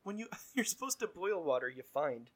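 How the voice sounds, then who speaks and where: A man's voice: sits high, big pitch swings, a little fast. A man casually recapping a TV episode as a podcast co-host, with dry, laid-back asides. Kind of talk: casual chat.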